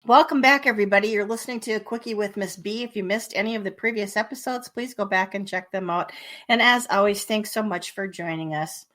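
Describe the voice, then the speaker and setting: A woman's voice: mid-range voice, a little fast, a bit bright. A woman hosting a comedy podcast in casual chat, giggly and often laughing as she reads items out. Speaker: podcast host.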